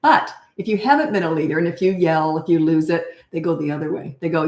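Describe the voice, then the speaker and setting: An older woman coaching parents in a blunt, animated way, answering questions and acting out how to talk. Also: sits low, fast talker, echoey room. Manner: blunt, animated, acts out parent and child voices.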